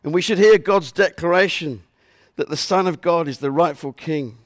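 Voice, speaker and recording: A man with a fairly high voice preaches a sermon in an earnest tone. He keeps coming back to scripture verses and repeats them for emphasis. The recording is close and dry, with no room echo. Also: moderate pace.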